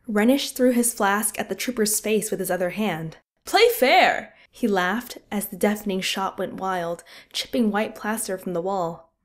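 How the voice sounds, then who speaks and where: A woman narrating a fantasy war audiobook in an expressive, vivid storytelling style. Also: medium pitch.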